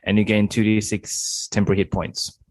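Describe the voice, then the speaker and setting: Low-voiced male player, dry sound. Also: little pitch movement, a little fast, dry recording. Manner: hesitant, thinks aloud. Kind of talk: casual tabletop game play.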